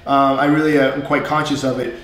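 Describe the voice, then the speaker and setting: A man with a North Jersey and New York accent, co-hosting a casual live English lesson, chatty and quick to laugh. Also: mid-range voice, steady tone, fairly bright tone, heavy reverb. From US East Coast, North Jersey/New York area. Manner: chatty, laughs often, stretches vowels to demonstrate.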